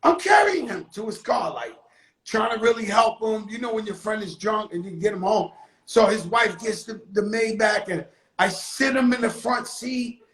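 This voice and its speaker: A man hosting his own live stream, telling a story in a casual, animated and profane way, with sudden shouted bursts. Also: sits high, normal speed, roomy sound, low-quality recording. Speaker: livestream host telling a story. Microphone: phone on a live stream.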